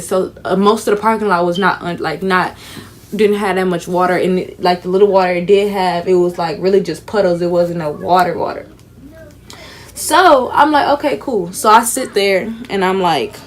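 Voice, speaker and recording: A young woman with features, telling a casual storytime vlog in a chatty, animated way, sounding tired. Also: mid-range voice. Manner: chatty, animated storytelling with frequent fillers and asides. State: tired, sleepy. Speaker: vlogger.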